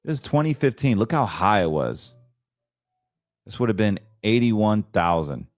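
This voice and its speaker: A man with a fairly low voice talks casually about trades, chatty and emphatic, stumbling now and then and correcting himself. The sound is dry and close, with no room around it. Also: big pitch swings, measured pace, no room sound. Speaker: financial show host. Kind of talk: casual market commentary.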